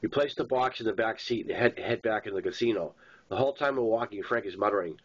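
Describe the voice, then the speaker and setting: A man narrating his own novel in first person, steady and plain. His voice is fairly low, and the recording sounds slightly dull and muffled. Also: fast.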